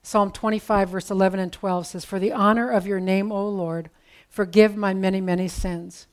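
A woman's voice: medium pitch, steady tone, normal speed, clear, resonant tone. A woman preaching a sermon in a conversational, storytelling way with casual asides.

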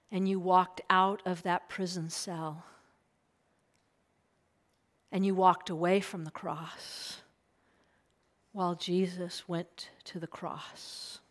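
A woman preaching a sermon, retelling a gospel passage in an earnest voice and dropping to a hushed whisper for emphasis. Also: on the low side.

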